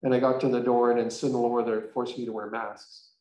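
A man's voice: mid-range voice, level tone, a little fast, darkish tone. A male pastor telling a story in a conversational, emphatic sermon. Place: church sanctuary. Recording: echoey church room.

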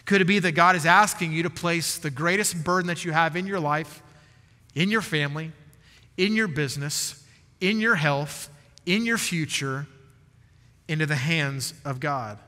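A male pastor preaching a sermon in an earnest, emphatic way with dramatic pauses. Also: a little high, bright, forceful tone. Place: large church sanctuary. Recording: church hall reverb.

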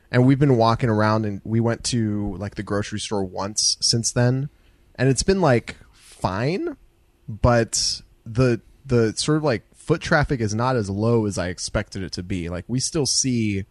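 A man's voice: fairly low pitch, dry recording. A young man talking as a podcast guest, laid-back and rambling with many fillers. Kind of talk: casual podcast chat.

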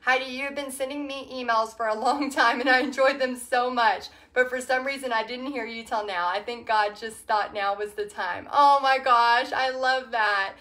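Woman, Texan accent, livestream host, chatty storytelling, crisp bright tone. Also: on the high side, normal speed, hardly any pauses. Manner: chatty, animated storytelling with frequent fillers. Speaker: art teacher and livestream host. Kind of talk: casual livestream chat reading comments.

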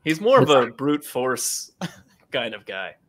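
A man's voice: mid-range voice, slow. A man co-hosting a podcast in casual chat, joking and teasing the others. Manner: joking, teasing, with a very lively melody. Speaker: podcast co-host.

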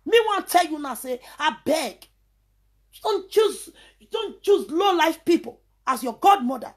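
A Nigerian woman with a high voice rants into her vlog, scornful and insulting. She keeps breaking into sing-song chanted taunts between her jabs. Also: animated, a little slow. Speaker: vlogger. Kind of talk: heated ranting vlog.

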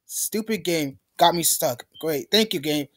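A man's voice: fairly high pitch, lively intonation, unhurried. A young man giving let's play commentary, ranting in frustration and pleading with the game. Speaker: gamer.

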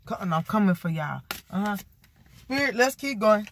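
A woman giving a casual tarot card reading, sassy and animated, talking straight to her viewers. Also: mid-range voice, normal speed, dry recording. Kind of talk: casual spiritual reading vlog.

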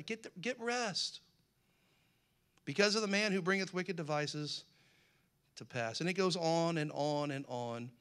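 Bright-voiced preacher man. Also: fairly high pitch. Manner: reads scripture aloud with rising emphasis, folksy asides and jokes. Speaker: pastor. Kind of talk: sermon.

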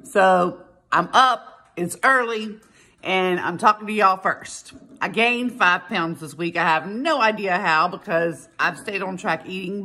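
A woman talks into her phone camera in her kitchen at home. She vents in a chatty, exasperated way, with an ordinary mid-pitched voice. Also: sharp tone. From Louisiana. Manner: chatty and exasperated, venting with mock-quoted retorts. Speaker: vlogger. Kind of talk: casual morning vlog chat.

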